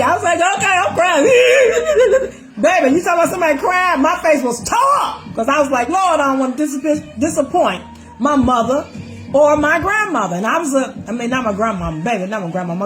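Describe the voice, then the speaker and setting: High-voiced woman telling her life story. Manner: animated, acts out voices of people in her story; Southern Black American vernacular, calls listener "baby". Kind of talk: casual personal storytelling.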